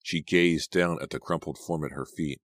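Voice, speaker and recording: Very deep-voiced male audiobook narrator. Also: fairly even intonation, moderate pace, fairly bright tone, husky, no echo. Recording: dry close studio sound.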